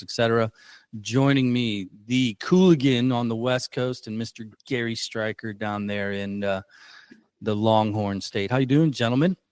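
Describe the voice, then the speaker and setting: A man's voice: medium pitch, clean tone, no room sound. A man hosting a casual podcast, rambling and self-deprecating, with lots of fillers and restarts. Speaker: podcast host.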